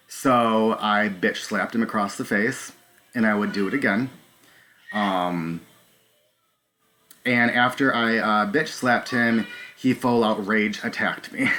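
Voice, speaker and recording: A man hosting a live stream, talking straight to his viewers in a halting, nervous way with many filler ums. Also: fairly low pitch, fairly even intonation, sharp tone. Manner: talks to viewers directly. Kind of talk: live stream recounting events.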